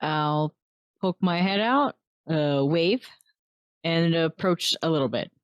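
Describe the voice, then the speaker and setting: A woman taking part in a tabletop game, answering the game master with short, quick lines. Her voice sits on the low side for a woman and sounds close and dry, with little room sound. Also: no room sound, highs cut off. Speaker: player.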